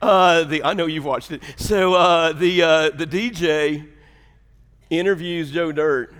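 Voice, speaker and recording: A man's voice: on the high side, steady tone, takes it slowly, fairly bright tone, clean tone. A man, a pastor preaching a folksy sermon, telling stories and making asides to his congregation. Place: church sanctuary. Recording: long hall reverb.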